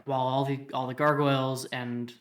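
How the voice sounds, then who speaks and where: A man co-hosting a podcast, thinking aloud as he builds on a story pitch. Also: flat delivery, normal speed, reverberant, far from the mic. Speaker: podcast co-host. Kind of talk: casual pitch brainstorming.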